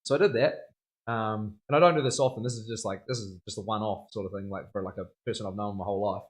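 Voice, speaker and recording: Streaming from his tattoo studio as he works, this young tattoo artist speaks quickly in a fairly low, steady voice. The live-stream chat is casual, full of slang and frequent laughter.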